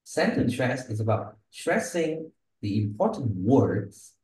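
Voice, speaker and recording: Guy tutoring english speaking one on one, low mellow voice, keeps going "yeah? okay?", echoey room. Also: big pitch swings, slow pace. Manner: coaching, models pronunciation, checks in with "yeah?" and "okay?". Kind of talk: one-on-one pronunciation feedback.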